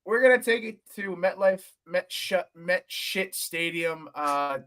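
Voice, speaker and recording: A man co-hosting a sports podcast, excitable and crude in casual chat. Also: sits high, a little slow. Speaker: podcast co-host.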